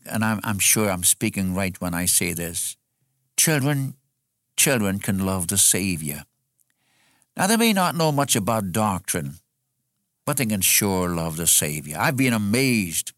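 A man's voice: on the low side, a bit bright, dry recording, studio quality. A man preaching an expository sermon in an earnest way, repeating phrases for emphasis.

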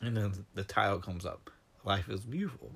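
A man with a somewhat low voice retells a film's story in casual chat. He gets animated, his voice jumps up for the big moments, and he sounds close to tears. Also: moderate pace, vocal fry, slightly rough. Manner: animated, emotional storytelling, voice rising when retelling scenes. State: near tears. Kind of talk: casual film discussion.

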